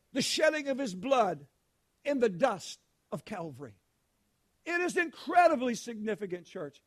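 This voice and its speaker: A man preaching a sermon as pastor, impassioned, often breaking into shouts and dropping to hushed lines. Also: very high-pitched. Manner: dramatic swings between loud proclamations and hushed lines.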